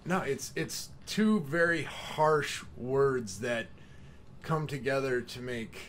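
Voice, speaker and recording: A man's voice: medium pitch, slow, a bit bright, slight background noise. A man co-hosting a podcast, chatting casually and telling rambling, joking stories. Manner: joking, rambling storytelling with restarts. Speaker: podcast co-host. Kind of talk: casual chat.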